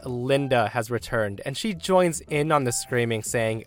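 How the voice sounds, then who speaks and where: Lively male story narrator with light music. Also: measured pace. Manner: lively storytelling, voicing quoted people with raised pitch. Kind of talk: reading a story aloud.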